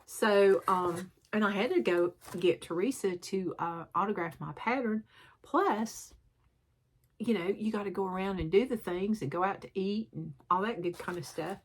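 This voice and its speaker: A woman with a sore throat, rambling and poking fun at herself as she shows off her stitching in a chatty show-and-tell vlog, clearing her throat often. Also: medium pitch, moderate pace. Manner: rambling, self-deprecating, frequent throat clearing. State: sore throat, sucking a cough drop. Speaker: cross-stitch vlogger.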